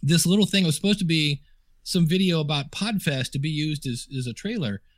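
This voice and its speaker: A man's voice: fairly high pitch, brisk, no room sound. Chatty man telling stories, dry sound. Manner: chatty anecdotes with quoted dialogue, filler-heavy. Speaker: podcast guest. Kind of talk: casual storytelling interview. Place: home office desk.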